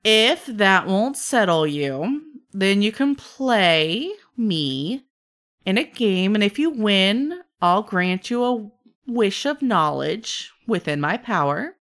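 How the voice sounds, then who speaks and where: Lady doing a cheeky male spirit, playful, rambly, smooth clean voice, dragging out words for fun. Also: mid-range voice, sing-song, a bit bright, pitched above the performer's own voice, full character voice. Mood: teasing. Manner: teasing, drawn-out, chatty with trailing fillers. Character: mischievous male trickster spirit, playful and bored.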